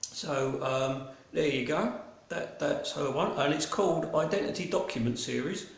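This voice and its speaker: A man's voice: a little high, measured pace, vocal fry, reverberant. A man with a broad Cockney accent hosting an online gallery private view, chatting casually with lots of ums and restarts, cheerful swearing. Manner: rambling with many ums and restarts. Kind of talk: casual live-streamed gallery talk.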